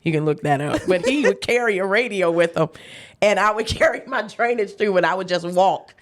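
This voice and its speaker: In a relaxed interview, a woman appearing as a guest chef recounts a personal story with emphasis and faith, often laughing and mimicking the voices of those she quotes. She speaks at medium pitch and a little fast.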